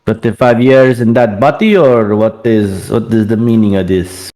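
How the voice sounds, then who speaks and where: Brief: man playing a sheltered young adventurer, puzzled and blunt, somewhat low voice. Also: normal speed, dark tone, close to an everyday voice.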